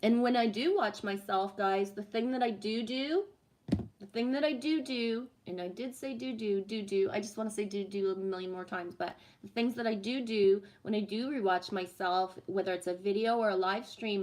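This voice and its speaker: A woman's voice: medium pitch, normal speed, a little mellow. A woman chatting casually on a live stream, reading the chat, swearing freely and laughing at herself.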